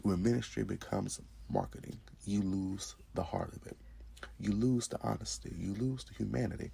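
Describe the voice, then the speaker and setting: Male host, faith commentary, gravelly and dark, rhetorical with casual asides. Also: on the low side, normal speed. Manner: conversational and rhetorical, with repeated phrases and asides.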